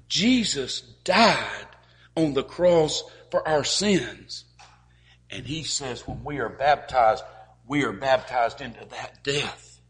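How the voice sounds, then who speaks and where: A man preaching a sermon to a congregation, rising to forceful peaks and dropping to quiet, earnest pleas. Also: medium pitch.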